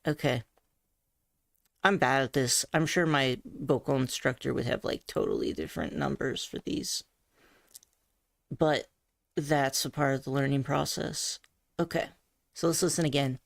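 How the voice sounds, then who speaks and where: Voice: mid-range voice, lively intonation, unhurried, gravelly, long pauses, no room sound, clean studio sound. A vlogger talking through voice training practice in a thoughtful, self-critical way, explaining each step. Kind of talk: casual voice training vlog.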